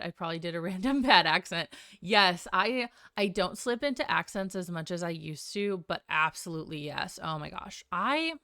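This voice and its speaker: Sing-songy woman streaming, lowish voice but bright, talks slow and chatty. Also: gravelly, clear, resonant tone, no echo. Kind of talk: casual live-stream chat while gaming.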